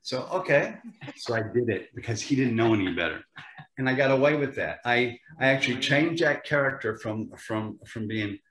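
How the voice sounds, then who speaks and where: A man's voice: medium pitch, normal speed. Older man telling stories in a roomy space. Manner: animated, repeats words when starting sentences. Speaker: actor guest. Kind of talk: storytelling in a casual interview. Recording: roomy echo.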